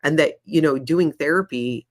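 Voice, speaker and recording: A woman's voice: sits low, normal speed. A woman speaking as a guest in a candid conversation, sounding reassuring and reflective. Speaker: podcast guest.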